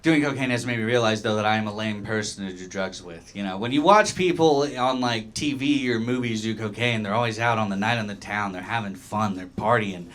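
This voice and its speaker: A man doing a stand-up comedy set in a small bar, deadpan storytelling with sudden jumps into high voices for the characters he quotes. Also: fairly quick, hardly any pauses, slight background noise. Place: small dive bar with a live audience. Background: crowd laughter.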